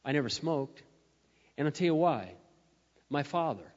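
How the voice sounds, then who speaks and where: A man with a fairly high voice preaches a storytelling sermon, swelling to loud, emphatic peaks. The recording is dull, and his voice rings with the long reverb of a large church sanctuary. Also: expressive, normal speed.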